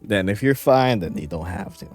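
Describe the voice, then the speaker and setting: An expressive man with a fairly low voice speaks at a moderate pace with soft music in the background. He's a Filipino with a light accent doing a casual home live stream, full of playful rambling and chat read aloud.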